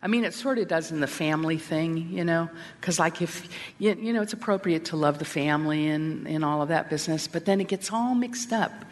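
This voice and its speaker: A woman's voice: low-pitched, fairly quick, hardly any pauses, a little hiss or hum. A middle-aged woman giving a candid, self-deprecating talk to women, with wry asides. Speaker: Christian women's speaker. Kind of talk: conference talk. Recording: long hall reverb.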